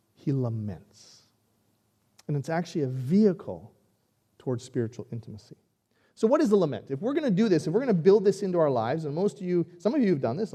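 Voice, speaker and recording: A man preaching a sermon in a conversational, animated way, acting out quoted lines. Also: fairly high pitch. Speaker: pastor.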